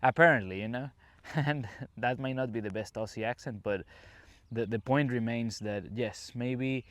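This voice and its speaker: Speaking at a moderate pace in a mid-range voice, a man from a Caribbean island addresses his podcast listeners directly. The English teacher keeps it chatty and explanatory while wandering an outdoor campsite, phone recording.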